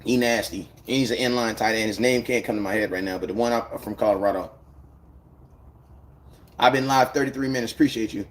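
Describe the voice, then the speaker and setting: A man's voice: lowish voice, brisk. A man chatting casually on a live stream, rambling in loose slang and greeting viewers by name. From United States.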